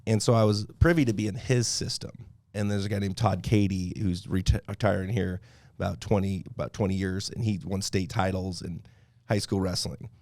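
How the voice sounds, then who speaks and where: Male guest, low gravelly voice, dry close mic, lively storyteller who laughs a lot. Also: fairly quick, dry recording. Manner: animated, laughs often while telling stories. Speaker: podcast guest. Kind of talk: casual storytelling.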